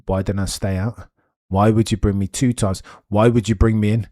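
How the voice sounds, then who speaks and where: A man quoting a frustrated young racing driver in a low, muttered voice. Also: flat delivery, normal speed, dark tone, no echo, clean studio sound, close to an everyday voice. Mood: sulking.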